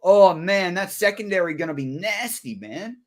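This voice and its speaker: An Australian man talks football in an easy, excitable way. His voice swings up and down a lot, jumping high when something grabs him. Nothing in it sounds rehearsed. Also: moderate pace. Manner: excitable, chatty, laughs often. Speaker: co-host. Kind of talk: casual live draft chat.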